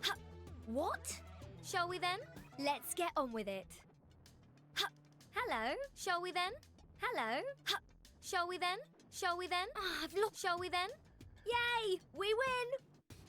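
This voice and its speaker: An upbeat young woman soldier from a video game, her voice very high and lively, swooping up and down. She speaks in slow, bright little battle quips. Soft game music runs underneath. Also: heavily acted. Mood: perky. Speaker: selectable player character voice.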